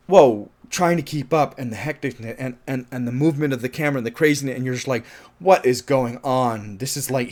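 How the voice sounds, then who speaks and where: In a casual film review monologue, a man with a mid-range voice gets animated and profane, laughing at his own points and getting loud whenever something strikes him as absurd.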